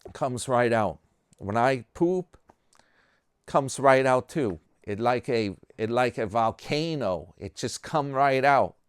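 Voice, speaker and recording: A man's voice: mid-range voice, lively intonation, slow, smooth, no echo, studio quality, voice pushed up. A man voicing a boastful old man who brags about his health, told in a raised, sing-song way.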